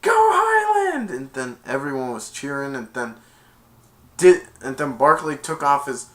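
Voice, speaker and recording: A man casually retelling a movie's plot in a rambling, excitable way, acting out the lines. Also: mid-range voice, normal speed. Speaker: movie reviewer.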